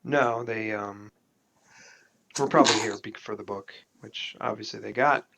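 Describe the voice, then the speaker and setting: A man's voice: fairly low pitch, measured pace, creaky, very noisy. A man playing his character in a tabletop game, speaking hesitantly with fillers and restarts. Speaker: player. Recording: dull lo-fi mic.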